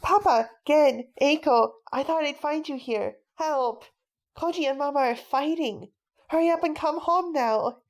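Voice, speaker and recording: A woman's voice: high-pitched, a little slow, pitched above the performer's own voice. A woman reading a storybook aloud, voicing a worried older sister who calls out urgently. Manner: urgent and anxious.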